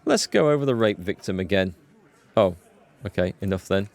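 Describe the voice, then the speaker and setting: A man with a lowish voice narrates a let's play, reading the game's text aloud. He drops in wry, casual asides between the lines. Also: animated, moderate pace, creaky, darkish tone. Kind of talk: reading game dialogue and commentary.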